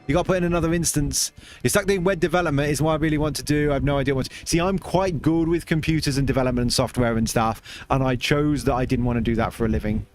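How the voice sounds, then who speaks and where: A man's voice: fairly high pitch, fairly even intonation, fast, soft background music. Chatty man streaming a game. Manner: chatty, reads chat aloud, rambling with restarts. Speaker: livestream host. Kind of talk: casual game livestream chat.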